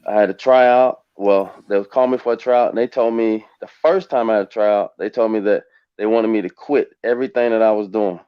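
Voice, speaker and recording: A man's voice: fairly low pitch, steady tone, brisk, smooth, no room sound, dull audio. A man in his forties from the United States, a retired professional basketball player, telling his life story in a rambling way on a panel. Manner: rambling storytelling, gets emotional. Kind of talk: panel conversation.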